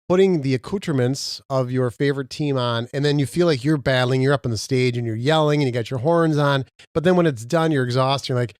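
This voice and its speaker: A man from Minnesota holds forth on a casual podcast, rambling from one story to the next and boasting as he goes. His voice sits at an ordinary pitch, and the recording is close and dry, with no room sound. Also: a little mellow, dry recording. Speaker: podcast co-host.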